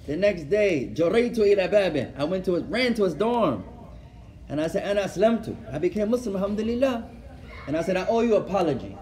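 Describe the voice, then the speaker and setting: A man giving a religious lecture, telling a story lively and acting out conversations, often adding Arabic phrases and laughing as he goes. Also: high-pitched. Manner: animated, acts out dialogue, code-switches with Arabic phrases; laughs while telling stories. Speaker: Islamic teacher.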